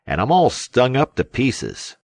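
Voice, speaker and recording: A man voicing a fat, tubby little old fisherman in an audiobook, snappish and grumbling in a slow drawl. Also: mid-range voice, wildly swooping pitch, gravelly, darkish tone, no echo, pitched above the performer's own voice, heavily acted. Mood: aggrieved.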